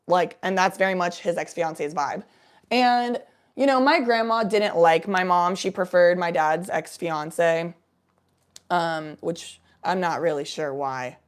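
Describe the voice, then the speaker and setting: A woman from Cincinnati in casual storytelling chat. She talks bluntly and profanely, tossing in quick asides. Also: fairly low pitch. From Cincinnati, USA.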